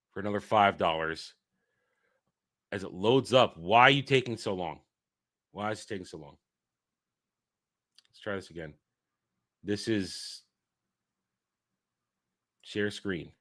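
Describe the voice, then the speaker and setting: A man hosting a casual livestream, rambling and excitable, swearing and swinging between loud outbursts and low muttering. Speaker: streamer host.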